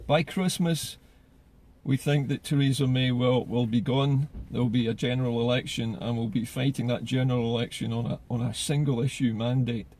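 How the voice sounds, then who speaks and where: A man's voice: mid-range voice, fairly even intonation, moderate pace, darkish tone. A man giving solo political commentary in an earnest way, often repeating words as he gathers his thoughts.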